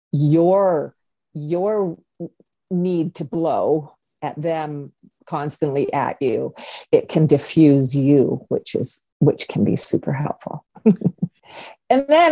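A woman's voice: low voice, mellow, no echo. An older woman co-hosting a parenting podcast, giving playful advice in a casual chat and laughing often. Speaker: podcast co-host, parenting coach.

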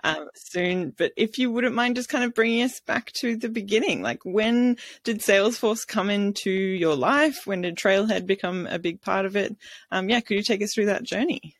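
Relaxed woman interviewer, mid pitch, dry close sound. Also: moderate pace, no room sound. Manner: relaxed, hedging questions with fillers. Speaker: podcast host. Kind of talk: casual interview questions.

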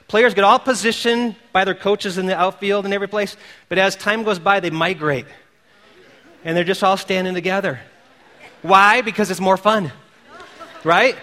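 A man preaching a sermon, telling stories in an animated way and calling out quoted cheers. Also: high-pitched, in a large hall. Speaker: pastor. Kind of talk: sermon with storytelling.

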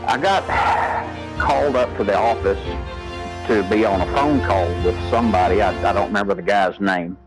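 A man with a lowish voice recalls events in a halting, measured way, pausing on fillers. Faint music sits quietly under his words. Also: fairly even intonation, poor audio. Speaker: former staff member recounting events. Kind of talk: recorded testimony clip.

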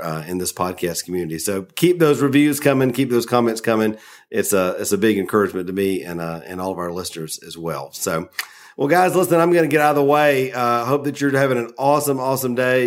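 A man with a Southern US accent hosting a podcast in a friendly, chatty way, with many fillers. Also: mid-range voice. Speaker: podcast host. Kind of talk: casual podcast interview.

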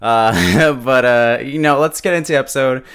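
A man casually recapping a TV episode beat by beat, chatty and quick to joke and laugh. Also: mid-range voice, fairly bright tone, clear, resonant tone. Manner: chatty, laughs often, quips. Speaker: show reviewer.

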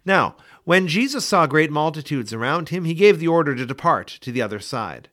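A man reading Bible passages aloud for a daily scripture podcast, in a measured, expressive way. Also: a little high. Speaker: scripture reader.

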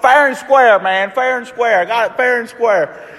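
A sore-winner young guy, as a preacher puts him on, yelping in a thin, squeaky, strained voice. He sounds defensive and indignant, insisting he won fair. The voice rings out in an echoey hall. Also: moderate pace, a bit bright. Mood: defensive protest. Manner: high, strained protesting cries. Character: overly competitive young man, defensive and indignant.

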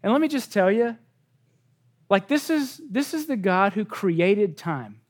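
High-voiced man preaching earnestly. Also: big pitch swings, unhurried. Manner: earnest, emphatic preaching with repeated phrases. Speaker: pastor. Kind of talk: sermon.

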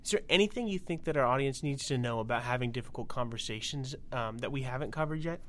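A podcast host speaks quickly and politely, steering the interview toward its close. The voice sits at a medium pitch, with faint noise behind it. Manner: brisk and polite, wrapping up.

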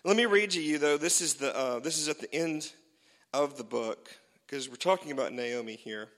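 A male pastor preaching a sermon, retelling scripture in an animated way that swings from loud to hushed. His voice is fairly high for a man and bright and forceful. The sound rings with the long reverb of a church hall. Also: normal speed.

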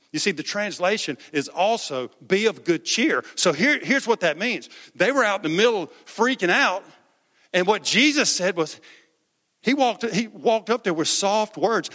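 A man preaching a conversational, animated sermon with jokes in a church. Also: high-pitched, big-room sound. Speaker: pastor. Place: church sanctuary.

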